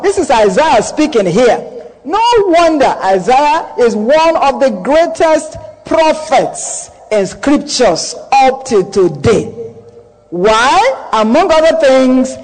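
A man's voice: very high-pitched, sing-song, slow pace, darkish tone. A male pastor preaching a sermon, repeating key phrases for emphasis and declaring blessings over the congregation. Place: large church hall. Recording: long hall reverb, live church sermon.

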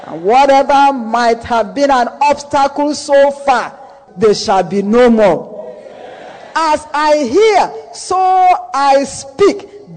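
High-voiced preacher in a reverberant hall. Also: male voice, darkish tone. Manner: emphatic, repeats key phrases, calls for congregation response. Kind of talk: sermon.

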